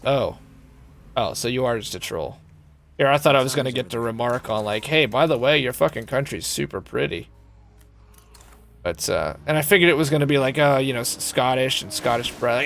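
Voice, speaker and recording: A man's voice: medium pitch, lively intonation, a little fast, vocal fry, a bit bright, a little hiss or hum. A man streaming a game live, chatting loosely with viewers, joking and swearing freely, thanking them by name. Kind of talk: casual live-stream chat.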